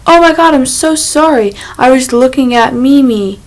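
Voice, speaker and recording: A woman's voice: a little high, measured pace, close to an everyday voice, low-quality recording. A woman reading an audiobook voices a flustered, hesitant young British man who apologizes and reassures kindly.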